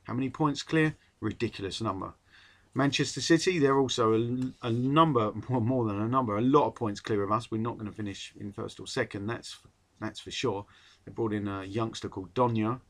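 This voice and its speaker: A man's voice: on the low side, a little fast. A man rambling wryly through a casual solo football podcast as its host. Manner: chatty, rambling, wry.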